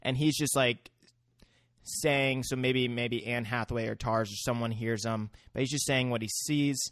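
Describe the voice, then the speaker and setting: A man's voice: medium pitch, fairly even intonation, moderate pace, fairly bright tone, dry recording, studio quality. Rambling man recapping a film. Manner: rambling, searching for words, many fillers. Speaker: podcast co-host. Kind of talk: casual podcast chat recapping a film.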